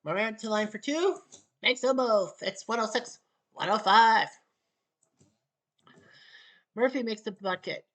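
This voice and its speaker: A woman from Canada calling a basketball video game in casual solo play-by-play, with clipped calls and wry asides. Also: fairly high pitch. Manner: clipped, rapid calls, wry asides, rising excitement near the end. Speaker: play-by-play commentator.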